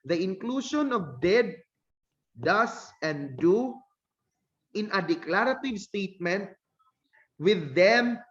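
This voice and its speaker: A man's voice: high voice, lively intonation, slow, long pauses, fairly bright tone, lo-fi sound. A man teaching an English grammar lesson, blunt and lecturing, who corrects himself mid-sentence and acts out students' questions.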